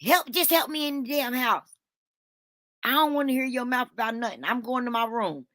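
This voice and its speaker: A woman's voice: fairly high pitch, lively intonation, moderate pace, a bit bright, no echo, clean studio sound, voice pushed up. A woman voicing her sick, grumpy mother, snapping and brushing off questions. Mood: irritated. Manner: snappish, dismissive. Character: ill grumpy mother, bossy and fed up.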